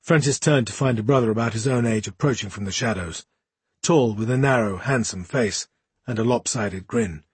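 A man reading a fantasy novel as an audiobook in a measured, even storytelling manner. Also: lowish voice, husky, dry recording. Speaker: audiobook narrator. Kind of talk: scripted fantasy narration.

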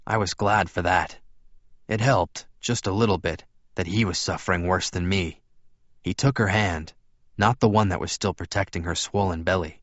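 A man narrating an audiobook in a steady first-person storytelling voice. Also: deep voice, normal speed, dry recording. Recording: dull, dry lo-fi recording.

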